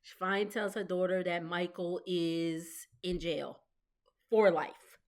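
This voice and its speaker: A woman in her thirties gives a gossipy, casual recap of a reality TV episode. She talks in a loose, chatty way, laughs often and slips into quick imitations of the cast. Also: on the low side, steady tone. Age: 30s. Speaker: recap vlogger.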